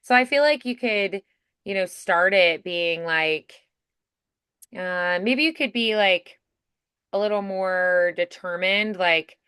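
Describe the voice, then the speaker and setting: A woman's voice: mid-range voice, slow, fairly bright tone, smooth, no echo, clean studio sound. A woman coaching a voice acting student in casual, chatty feedback, full of "like" and "you know", often acting out example lines.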